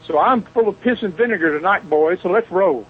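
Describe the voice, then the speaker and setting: A man's voice: high-pitched, animated, fairly quick, narrow, tinny audio, a little hiss or hum. A middle-aged man from Alabama with a Southern US accent, a guest telling boisterous, folksy stories in a phone interview. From Mobile, Alabama, US. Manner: joking, boisterous, folksy storyteller.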